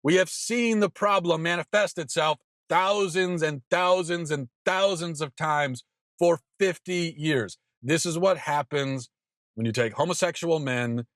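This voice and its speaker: A man's voice: on the high side, unhurried, fairly bright tone, no room sound. Emphatic man, dry close sound. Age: 30s. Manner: emphatic, repetitive, stammering restarts. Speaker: podcast host. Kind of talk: opinion monologue.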